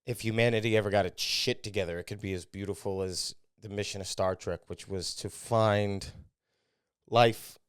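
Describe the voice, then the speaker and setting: Between voicemails, this podcast host and comedian rambles crudely and turns the jokes on himself. His fairly low voice holds a steady, clean tone at a normal pace, and the studio podcast mic gives studio-quality sound without echo.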